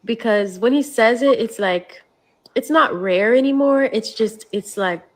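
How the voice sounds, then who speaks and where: A woman's voice: fairly high pitch, a little slow. A woman, a mother, telling a casual story in a clip, full of "like" fillers. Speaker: young mother.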